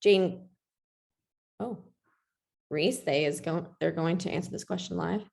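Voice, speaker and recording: A woman leads an online webinar in an easy, conversational manner, peppering her talk with "like." Her voice sits low and carries a gravelly fry. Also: a little slow, darkish tone. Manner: chatty, frequent "like", upbeat. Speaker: webinar presenter. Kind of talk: casual webinar presentation.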